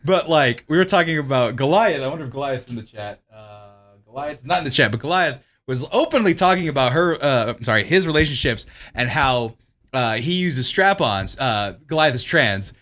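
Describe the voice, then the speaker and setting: A man's voice: medium pitch, lively intonation, brisk, a bit bright. A man co-hosting a podcast in casual chat, rambling and profane, laughing often as he tells stories. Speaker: podcast co-host.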